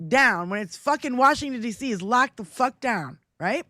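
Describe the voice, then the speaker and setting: A woman's voice: on the high side, expressive, moderate pace, bright, forceful tone, no echo. Profane ranting woman, dry close sound. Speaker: livestream co-host. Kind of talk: casual political chat.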